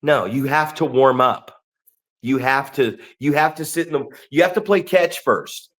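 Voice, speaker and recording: A man co-hosting a podcast, ranting profanely with animated mocking asides. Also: mid-range voice, unhurried. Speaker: podcast co-host. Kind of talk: casual podcast rant.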